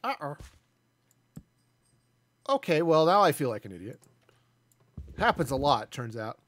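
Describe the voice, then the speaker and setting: A man's voice: fairly high pitch, sing-song, a little slow, a bit bright. A man in his forties chatting casually and self-deprecatingly as he streams a building game. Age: 40s. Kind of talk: casual live gameplay commentary.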